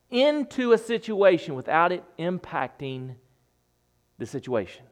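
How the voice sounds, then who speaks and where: A man's voice: fairly high pitch, very animated, a little slow. A man preaching a sermon, emphatic, repeating phrases and dropping his voice for effect.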